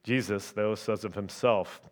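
A man preaching a sermon in a measured, emphatic way, often checking in with his listeners through quick tag questions. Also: fairly low pitch, steady tone.

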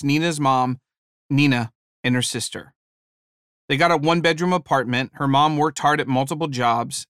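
A man preaching a sermon, telling a story from his teaching days with animated, humorous delivery. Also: medium pitch, smooth, no echo, clean studio sound. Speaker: preacher and former high school teacher.

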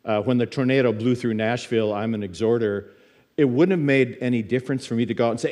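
A man's voice: mid-range voice, fast, darkish tone. Man teaching a sermon, stammering restarts. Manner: storytelling, frequent stammered restarts and repeated words. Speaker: guest teacher in a church service.

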